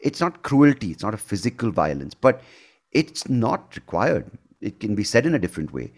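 A man hosts a conversational interview and speaks reflectively and earnestly about his own experience. His voice sits on the lower side for a man. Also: big pitch swings, moderate pace, a little mellow. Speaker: host.

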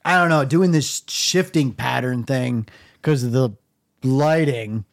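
A man's voice: slow pace, creaky, no room sound. Man, middle-aged, casual storyteller, wry, laid-back, dry close sound. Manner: wry, laid-back, quotes himself in a low mumble. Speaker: podcast host.

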